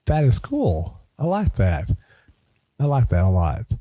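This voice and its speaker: A man's voice: mid-range voice, huge pitch swings, a little slow, warm tone, no echo. A man hosting a podcast in casual chat, effusive and laughing often. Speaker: podcast host.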